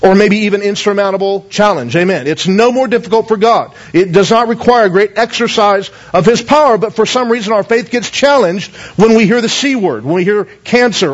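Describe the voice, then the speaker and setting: A man, a pastor, reading scripture, praying and preaching to a congregation, earnestly asking them questions and often repeating words as he goes. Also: sits high. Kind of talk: sermon with scripture reading and prayer. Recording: dull lo-fi recording.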